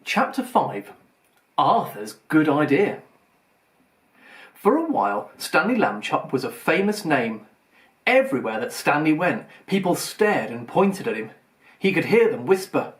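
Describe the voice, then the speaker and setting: A man reading a children's storybook aloud in an expressive, lively way. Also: fairly high pitch, a little slow. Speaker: audiobook reader. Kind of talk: children's audiobook narration.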